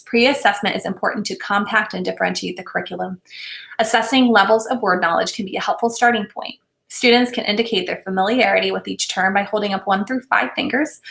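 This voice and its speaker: A woman presenting a recorded teacher training lesson, speaking in a clear, deliberate, instructional way. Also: medium pitch, a bit bright, echoey room. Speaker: literacy presenter.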